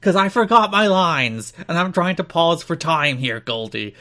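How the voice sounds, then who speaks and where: A man doing a mocking impression of a rambling, flustered male wrestler cutting a rambling promo, high and theatrical. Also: expressive, normal speed, pushed and bright. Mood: mocking whiny. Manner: exaggerated, whiny, theatrical mockery.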